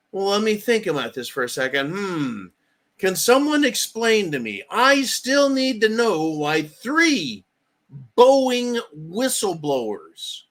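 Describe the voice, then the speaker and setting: A male host ranting through political commentary. His delivery is sarcastic and laced with profanity, and his voice sits slightly high for a man. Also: fairly bright tone.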